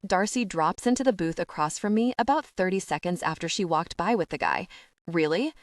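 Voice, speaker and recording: A woman narrating a first-person romance audiobook in a lively, conversational storytelling manner. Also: on the low side, brisk, no room sound, studio quality.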